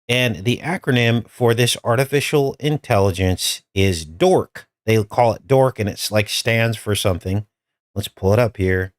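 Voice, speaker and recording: A man hosting a live screening, chatty and conspiratorial as he talks over a film. His voice is low and smooth, recorded dry and close with no room sound. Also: no room sound. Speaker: host. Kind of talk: casual commentary over a film.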